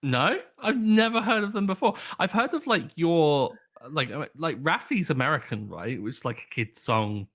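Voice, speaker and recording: A man's voice: on the high side, expressive, normal speed, few pauses, fairly bright tone. A man co-hosting a podcast in casual, rambling chat. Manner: rambling, hesitant, laughs easily. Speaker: podcast co-host.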